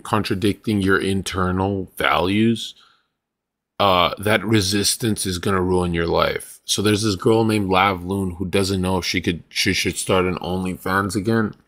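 Young male host, low-ish voice, loose profane storyteller for a reaction stream. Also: a bit bright. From Canada.

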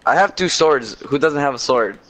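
A young man chatting casually in a multiplayer game, easygoing and quick to laugh. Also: medium pitch, lively intonation, fairly bright tone. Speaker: gamer.

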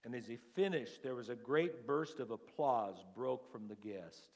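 A man preaching a sermon as lead pastor, telling a story slowly, his phrases trailing off softly before rising to fervent emphasis. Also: mid-range voice, animated. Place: church sanctuary. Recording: long church-hall reverb.

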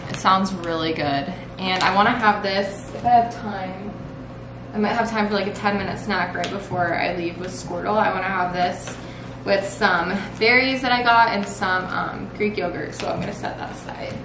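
A young woman chatting casually to her viewers at home as a lifestyle vlogger, relaxed and full of "like" fillers. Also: mid-range voice, normal speed. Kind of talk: casual chat. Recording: steady background noise.

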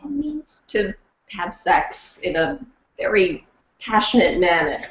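A woman chats through an interview with lively, rambling energy and frequent laughs. Her voice sits a little low for a woman. The sound is roomy and a bit dull and lo-fi. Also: takes it slowly, slight background noise. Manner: chatty, animated, laughs often, many fillers. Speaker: interview guest, audiobook narrator and actress. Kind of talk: casual interview chat.

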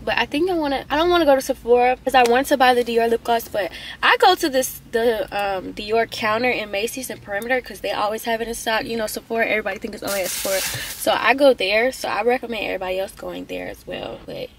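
A woman's voice: fairly high pitch, quick pace, a little hiss or hum. A young woman, talking in a rambling, slangy, casual vlog style into her phone. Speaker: vlogger.

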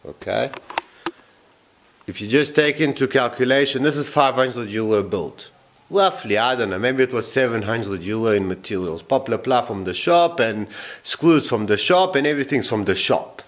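In a casual vlog shot in his workshop, a boatbuilder talks about his boat, rambling with restarts and repeated phrases. His voice sits at medium pitch and he speaks at a normal speed.

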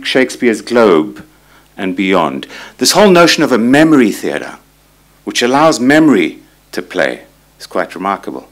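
A man in his sixties giving a reflective conference talk, telling personal stories and reading quotations aloud. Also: fairly low pitch. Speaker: conference speaker. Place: conference hall.

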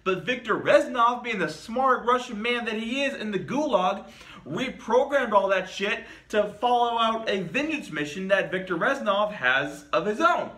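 Bright-voiced man swearing through a game review. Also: high-pitched, expressive, moderate pace, echoey room. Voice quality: profane, rambling. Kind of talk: casual video review.

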